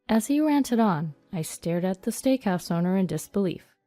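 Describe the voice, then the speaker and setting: A woman narrating a first-person story in an even, storytelling read. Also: mid-range voice, moderate pace, no room sound. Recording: dry studio voice-over over soft music.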